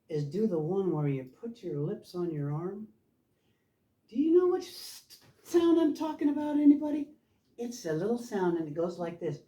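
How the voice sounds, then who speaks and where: A man's voice: fairly high pitch, mellow. An older man telling playful, meandering childhood stories at a house by the ocean. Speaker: storyteller, guest. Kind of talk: rambling storytelling. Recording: roomy, far from the mic.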